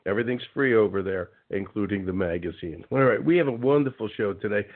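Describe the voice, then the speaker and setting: A man hosting a casual radio talk show, chatty and rambling, spelling out web addresses slowly. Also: lowish voice. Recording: phone-like narrow band.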